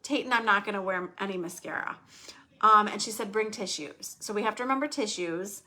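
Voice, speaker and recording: A woman's voice: medium pitch, a little fast, pushed and bright. A middle-aged woman hosting a podcast, chatting candidly and emotionally, rambling a little. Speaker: podcast host. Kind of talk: casual podcast chat.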